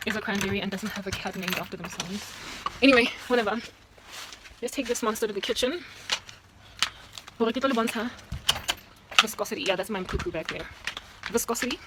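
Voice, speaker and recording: A woman with a South African accent chats playfully to her viewers, her voice sitting at an ordinary middle pitch and slipping into sing-song asides. She walks through a casual demonstration at home. Loud clinking of dishes, pots and cutlery fills the kitchen behind her. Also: fairly quick, pauses often, very noisy. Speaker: vlogger. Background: clattering dishes, pots and cutlery.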